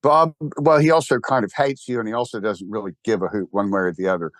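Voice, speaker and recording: An older man with a Texan drawl tells stories in a loose, rambling way, with wry, self-deprecating humor and bursts of animation. His voice sits at a middling pitch. It sounds close and dry, with no room echo. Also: fairly even intonation, fast. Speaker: interview guest, church founder. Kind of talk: casual conversational interview.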